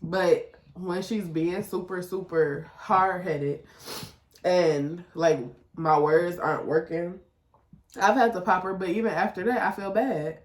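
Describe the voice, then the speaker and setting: Talking a little slowly with fairly even intonation, a Detroit-accented woman co-hosts a podcast in an echoey room. She's candid and profane in this casual chat, laughing often and imitating her child in a high voice.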